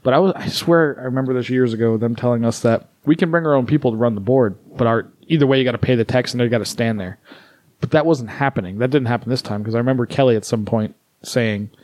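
A man's voice: medium pitch, fast talker, a little mellow, no room sound. Man, podcast co-host, casual chat, frequent laughter, offhand swearing, dry sound.

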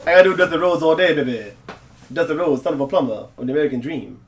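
Brief: man putting on a showboating, drawling old wrestling star, fast and punchy. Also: fairly high pitch, expressive, recorded from a distance. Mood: boastful. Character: gravelly wrestling legend impression, older man, boastful.

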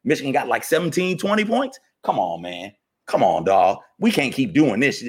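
A man's voice: medium pitch, big pitch swings, normal speed, slightly rough. A man on a sports podcast ranting heatedly in casual slang. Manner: fired-up, repetitive, ranting with slang. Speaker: podcast co-host.

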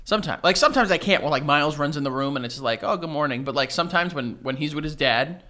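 Bright, rambling male podcast co-host. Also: fairly high pitch, animated, fast talker. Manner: rambling, lots of filler "like". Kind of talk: casual podcast banter.

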